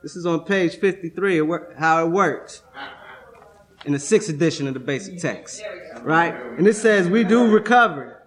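A man's voice: on the high side, animated, moderate pace. A young man speaking at a recovery convention workshop, streetwise and profane, tagging nearly every thought with "right?". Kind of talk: testimony-style workshop talk. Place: convention room.

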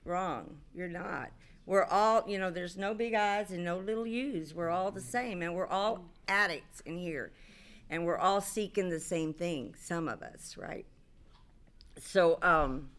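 A woman's voice: fairly low pitch, a little slow, fairly bright tone. A middle-aged woman speaking to a recovery convention, sharing her story candidly. She rambles with many fillers and restarts and swears casually. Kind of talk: personal share to an audience. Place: convention stage.

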